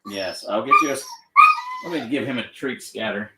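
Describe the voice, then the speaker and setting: Gentle, animated male dog trainer. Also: on the low side, normal speed, recorded from a distance. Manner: gentle and encouraging, explains step by step. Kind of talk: live training demonstration with explanation. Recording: echoey room, off-mic, faint noise.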